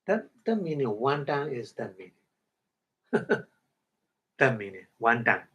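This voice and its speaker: A man giving a Dhamma talk in halting English, breaking Pali words into syllables, often chuckling and asking if listeners follow. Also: medium pitch, sing-song, a bit bright. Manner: halting non-native English, chuckles often, checks understanding. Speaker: meditation teacher.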